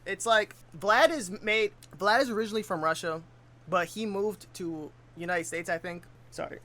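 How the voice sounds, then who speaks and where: A man's voice: high-pitched, moderate pace, sharp tone. A man giving casual reaction commentary on a video, full of laid-back slang.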